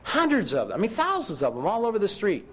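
A man's voice: high voice, wildly swooping pitch, fast talker, husky. A middle-aged man preaching a sermon, telling personal stories with self-mocking humor and asking his listeners rhetorical questions.

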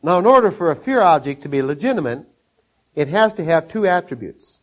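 An older man from Minnesota gives a sermon in a folksy, storytelling way. His voice sits a little high. He chuckles often and jumps his voice up to act out the scenes he describes. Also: very animated, a little fast. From Minnesota, USA. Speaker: preacher.

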